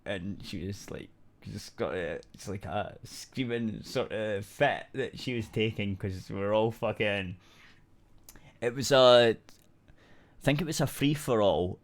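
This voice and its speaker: A man with a fairly low voice chats casually on a podcast. He rambles through a gaming story, often restarting his sentences and dropping casual swear words. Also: slow pace. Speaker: podcast co-host. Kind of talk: casual chat.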